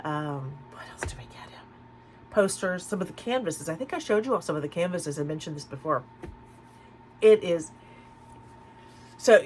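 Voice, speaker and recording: A woman's voice: fairly low pitch, a little hiss or hum, poor audio. A middle-aged woman chatting casually at home as a haul vlogger, rambling with many restarts and fillers. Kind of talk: casual chat. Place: a room at home.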